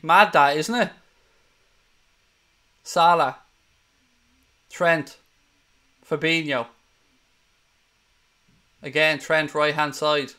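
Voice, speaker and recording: Host: man, fairly high voice, fiery, profane match caller. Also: a bit bright, clear, resonant tone. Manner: heated, sweary, rapid play-by-play. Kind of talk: live match watchalong commentary.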